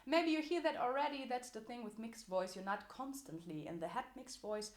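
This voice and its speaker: A woman's voice: fairly high pitch, expressive, fairly quick. A woman teaching a singing lesson as a vocal coach, explaining technique in an encouraging way. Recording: echoey room.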